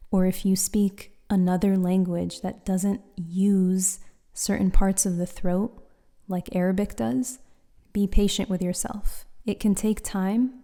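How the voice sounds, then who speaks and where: A woman teaching pronunciation in a patient, clear instructional style, demonstrating sounds aloud. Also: mid-range voice, warm tone. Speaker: Quran recitation teacher. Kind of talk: instructional explainer.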